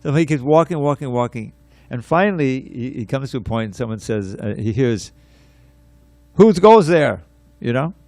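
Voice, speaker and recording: A man giving a scripture class, telling a story in an animated way, repeating words and restarting his sentences. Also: mid-range voice, brisk, few pauses, dry recording.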